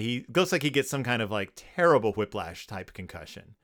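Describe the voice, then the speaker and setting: A man's voice: on the low side, big pitch swings, brisk, fairly bright tone. A man hosting a comedic podcast, reviewing a children's book with sarcasm and goofy character voices. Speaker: podcast host.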